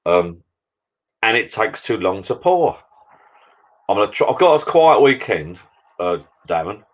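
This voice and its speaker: Low-voiced rambling British man. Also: sing-song, a little slow, muffled recording. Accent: British English. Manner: rambling and chatty, drinking beer while talking. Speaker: livestream host chatting with viewers. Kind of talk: casual live chat.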